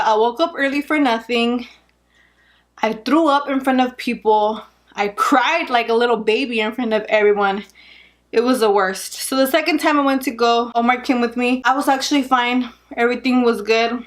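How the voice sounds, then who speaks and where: Here a young woman who vlogs shares a story from her own life in a voice that's a little high. She keeps it casual and animated, laughing a lot and leaning heavily on "like."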